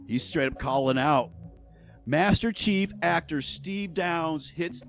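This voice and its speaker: A man's voice: fairly high pitch, slow pace, fairly bright tone. Profane, heated man ranting over music. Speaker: news commentator. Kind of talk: ranting casual commentary.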